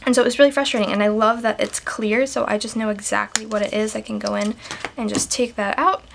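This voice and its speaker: Chatty, higher-voiced woman vlogger. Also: creaky, a bit bright, slight background noise. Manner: chatty, sprinkled with "like" fillers; enthusiastic. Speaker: stationery and planner vlogger. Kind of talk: casual show-and-tell chat.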